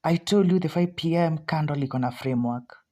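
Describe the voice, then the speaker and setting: Kenyan lady streaming her trades live, low voice, jumpy and repeats herself a lot. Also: a little fast. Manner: anxious, excitable, repeats herself. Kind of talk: live trading commentary.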